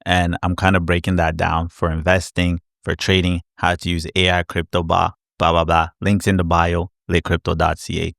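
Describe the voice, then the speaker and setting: A man hosting a casual live Q&A stream, chatty and animated, acting out his past reactions with little sound effects. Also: low-pitched, moderate pace, vocal fry, few pauses, dry recording, clean studio sound. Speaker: crypto educator hosting a live Q&A. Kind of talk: casual livestream chat.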